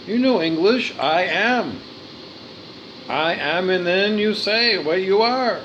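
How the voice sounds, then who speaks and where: A man's voice: sits high, expressive, slow pace, fairly bright tone, lo-fi sound, a little hiss or hum. A man giving an earnest spiritual monologue, repeating his phrases and stumbling over his words. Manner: earnest, repetitive, with stumbles and restarts.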